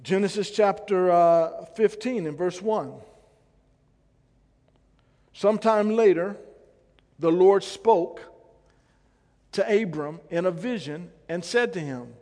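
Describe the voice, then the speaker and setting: High-voiced emphatic male pastor. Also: slow, pauses often, a little mellow. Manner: emphatic, repeats phrases and asks the congregation questions. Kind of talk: sermon. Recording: long hall reverb.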